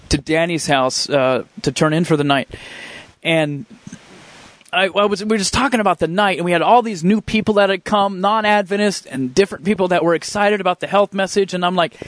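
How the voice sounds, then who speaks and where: Heard on a dry recording, this man's voice sits high and is a bit bright. Telling the story of his faith, he sounds earnest, fervent and emotional, and his halting storytelling keeps breaking off as he restarts sentences.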